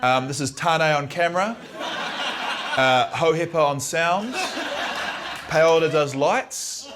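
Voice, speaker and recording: Deadpan New Zealand reporter. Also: male voice, a little high, slow pace, background noise. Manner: deadpan, dry. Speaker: field reporter. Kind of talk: deadpan comedy street interview.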